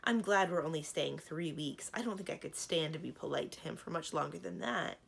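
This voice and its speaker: Woman voicing a defiant storybook princess, blunt, headstrong, husky edge. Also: low-pitched, fairly quick, exaggerated voice. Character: spirited bored young princess, defiant.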